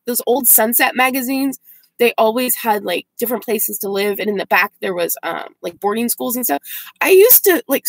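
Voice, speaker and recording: A woman's voice: a little high, gravelly, no echo. A woman in her forties, from the United States, chatting casually and rambling with viewers in a van-life vlog. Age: 40s. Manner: chatty and rambling, many likes and ums. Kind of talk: casual live chat with viewers.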